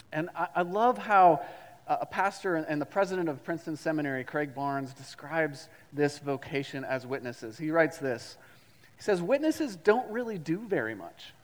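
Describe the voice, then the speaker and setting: A man's voice: on the high side, moderate pace, in a large hall. A man preaching a sermon as a pastor, reading scripture and leading the congregation in call-and-response with repetition.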